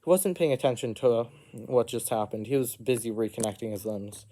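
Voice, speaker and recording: A man's voice: mid-range voice, brisk, dark tone. A man telling an improvised first-person fantasy story, rambling, with frequent asides and self-corrections.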